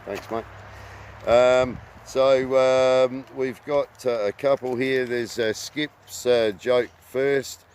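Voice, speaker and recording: A man hosting a rambling casual talk, halting and full of ums and uhs. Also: mid-range voice, fairly even intonation, darkish tone, slight background noise. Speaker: host.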